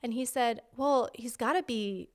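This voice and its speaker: A woman co-hosting a podcast in casual chat, telling animated stories and acting out quotes. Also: a little high, a little slow. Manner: animated storyteller, acts out quotes. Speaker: podcast co-host. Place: home basement.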